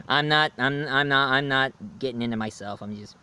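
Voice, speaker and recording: A man's voice: medium pitch, sing-song, normal speed, sharp tone, clear, resonant tone. A man from the United States chatting in a rambling way through a casual video review, laughing at his own jokes.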